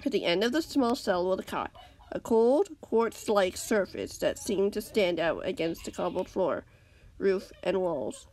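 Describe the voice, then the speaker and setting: Storyteller, woman, expressive reading, lively pitch, a touch of fry. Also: unhurried. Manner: expressive, with occasional slips. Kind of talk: reading fan fiction aloud.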